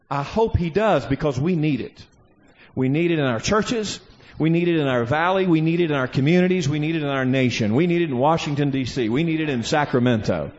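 Man, sermon, impassioned preaching, high voice, muffled recording. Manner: impassioned preaching, building to shouts. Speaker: pastor.

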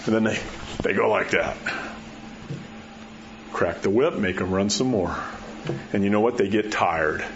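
A man preaching a sermon in a folksy, storytelling way, dropping to a soft hush at key words. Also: on the low side, a little slow, pauses often, muffled recording, background noise. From New Mexico.

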